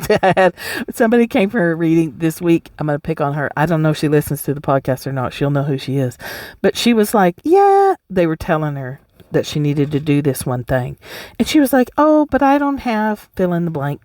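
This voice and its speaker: A woman's voice: sits low, animated, a little fast, darkish tone, no echo, studio quality. A woman hosting a solo podcast, talking bluntly and emphatically, swearing freely and laughing often. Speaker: podcast host. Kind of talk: casual solo podcast talk.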